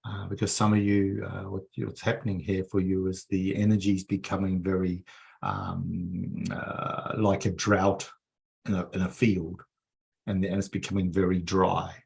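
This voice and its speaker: Gravelly-voiced man guiding a healing meditation. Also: sits low, level tone, measured pace, a little mellow. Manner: soothing, repetitive coaxing with many fillers. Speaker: energy healer leading a group session.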